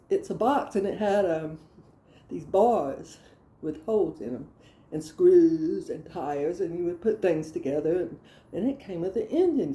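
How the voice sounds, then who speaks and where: A woman's voice: mid-range voice, dark tone. A woman telling rambling comic childhood stories, breaking into exasperated rants. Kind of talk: casual comedic storytelling. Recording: echoey room.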